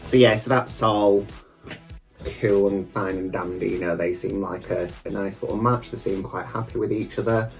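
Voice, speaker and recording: A man's voice: on the low side, fairly even intonation, moderate pace, vocal fry, soft background music. A man, a drag queen, chatting casually and campily with rambling asides as he reviews a TV show while getting ready at a mirror. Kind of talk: casual reaction chat.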